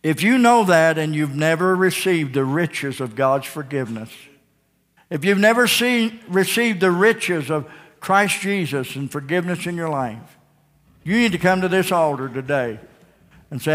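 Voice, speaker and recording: A man's voice: on the high side, lively intonation, measured pace, a bit bright. Folksy preacher man, reverberant sanctuary. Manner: folksy storytelling preacher, jokes with the congregation. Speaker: pastor. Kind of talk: sermon. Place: church sanctuary. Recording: live church sound with long reverb and faint guitar.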